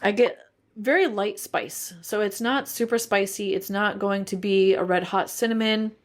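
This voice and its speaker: A woman's voice: medium pitch, steady tone, moderate pace. A woman, giving a chatty, detailed candle review and thinking aloud as she goes. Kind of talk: casual review vlog.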